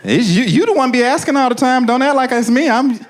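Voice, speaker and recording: A man's voice: very high-pitched, lively intonation, quick pace. A male stand-up comedian acting out a couple's argument in his routine, switching between voices. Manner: acts out both sides of a couple's argument, swinging between voices. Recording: live club set with loud crowd laughter.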